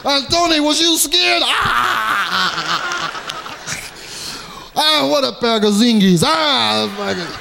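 Man doing a mob boss, loud, laughing, cursing, gravelly, high. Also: big pitch swings, takes it slowly, long pauses, heavy background noise, heavily acted. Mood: amused shouting. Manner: shouting, cursing, amused.

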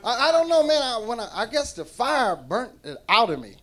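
A man's voice: extremely high pitch, very animated, fairly quick, background noise. A man doing a stand-up set on a club stage, rambling and profane and laughing between lines, his mouth gone dry. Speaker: stand-up comedian. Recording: live club recording with loud crowd. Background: audience reacting.

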